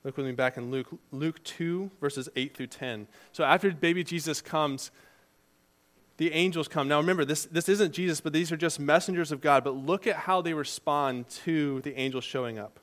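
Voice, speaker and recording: A man preaching a sermon in a conversational, storytelling way, moving between loud emphasis and quiet asides. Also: fairly high pitch, normal speed. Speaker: preacher and teacher.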